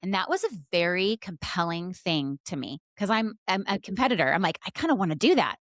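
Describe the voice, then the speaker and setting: A woman's voice: lowish voice, animated, brisk, a bit bright, no echo, clean studio sound. A woman in her thirties, a podcast guest who speaks in an earnest, emphatic way. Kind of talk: casual storytelling interview.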